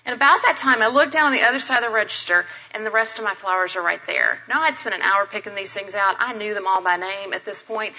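A married woman telling a self-deprecating personal story to a church congregation, animated and acting out the people she quotes. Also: medium pitch, quick pace, few pauses, muffled recording.

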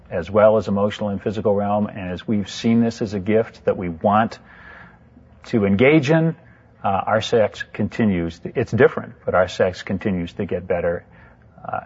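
A man in his fifties with a low, husky voice speaks in an earnest, measured way about his own life. The recording sounds dull and muffled. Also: darkish tone. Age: 50s. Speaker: married guest sharing testimony. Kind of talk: personal testimony.

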